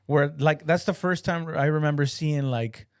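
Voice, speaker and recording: A man co-hosting a casual comedy podcast, telling a story in a halting, rambling way. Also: on the high side, fairly even intonation, clear, resonant tone, no room sound. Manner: halting, rambling recollection with restarts. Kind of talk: casual chat.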